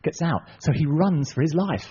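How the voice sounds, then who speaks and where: Male preacher, husky, animated storytelling with asides; dull recording. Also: fairly high pitch, moderate pace. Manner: lively retelling, asides to the audience. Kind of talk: sermon storytelling.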